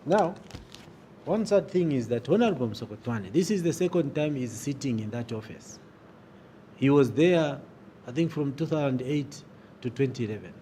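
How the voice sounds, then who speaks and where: A Zambian man with a dark, mellow voice delivers a press briefing statement, deliberate and emphatic. His points land in rhetorical, measured phrases. Faint background noise sits under his voice. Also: mid-range voice, lively intonation. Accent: Zambian English. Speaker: opposition member of parliament.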